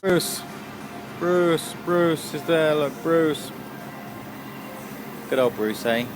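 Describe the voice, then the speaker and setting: A man vlogging outdoors and from truck cabs, excitable and laughing often in casual commentary. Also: fairly high pitch, drawn-out words, music in the background, rough recording. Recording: loud engine and traffic noise.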